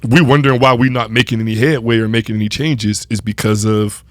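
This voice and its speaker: A man hosting a podcast interview, reflective and soft-spoken, with many fillers. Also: mid-range voice, fairly even intonation, quick pace, no room sound. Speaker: podcast host. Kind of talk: interview conversation.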